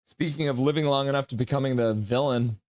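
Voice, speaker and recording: A man hosting a live hockey watch-along stream, calling the plays casually, joking with chat and getting loud at goals. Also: medium pitch, fast talker, no echo. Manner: excitable, jokey, shouts at goals. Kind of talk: casual play-by-play and chat reading.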